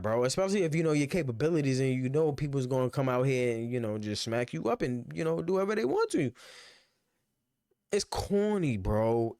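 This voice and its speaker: A man's voice: medium pitch, darkish tone, no room sound, studio quality. A man giving casual, rambling reaction commentary on a streaming clip, often saying "bro" and "you know".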